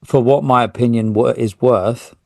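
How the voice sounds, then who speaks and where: A man's voice: medium pitch, fairly even intonation, moderate pace, vocal fry, warm tone, no room sound. A man hosting a solo podcast, talking in a rambling, self-interrupting way with jokey asides. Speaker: podcast host.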